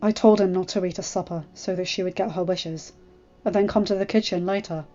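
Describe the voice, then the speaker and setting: A woman reading fan fiction aloud in a steady, even narration. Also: lowish voice, fairly quick, dull audio.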